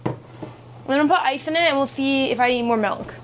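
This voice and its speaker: A woman's voice: high-pitched, brisk, slight background noise. A young woman chatting casually in a vlog, rambling and giggly, with lots of fillers. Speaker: vlogger.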